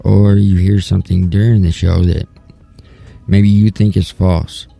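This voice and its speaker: A man's voice: sits low, level tone, unhurried, creaky, dark tone, soft background music. A man in his thirties hosting a talk show, giving a casual, rambling and earnest monologue that often restarts its thoughts. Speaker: podcast host.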